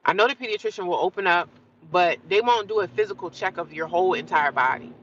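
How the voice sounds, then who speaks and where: A woman's voice: fairly low pitch, fast, fairly bright tone, lo-fi sound, slight background noise. A woman vlogging in a casual, rambling monologue, earnest and repetitive, with frequent asides to the viewer.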